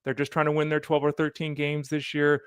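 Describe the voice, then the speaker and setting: A man hosting a solo fantasy football podcast, animated and opinionated, talking straight to the listener. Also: fairly high pitch, brisk, clear, resonant tone, no room sound, clean studio sound. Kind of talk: solo sports podcast commentary.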